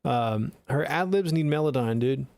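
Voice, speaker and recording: A man's voice: medium pitch, animated, moderate pace, creaky, a little mellow, no room sound. A man streaming live, giving blunt, profane, chatty feedback on listeners' songs into a close studio mic. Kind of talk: casual live-stream critique.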